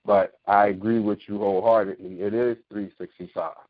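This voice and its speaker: Low-voiced man talking over a phone-like line. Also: fairly even intonation, moderate pace, dry recording. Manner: emphatic, explanatory, frequent "you know what I mean". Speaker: talk show host. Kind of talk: casual opinion talk. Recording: thin phone-like sound.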